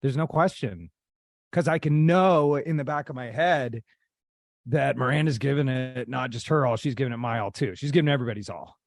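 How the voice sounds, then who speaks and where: A man's voice: mid-range voice, fairly quick, no room sound, clean studio sound. A man talking casually on a video call, heartfelt and effusive as he praises his colleagues. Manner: heartfelt, effusive, rising enthusiasm. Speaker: colleague, guest. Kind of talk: casual chat.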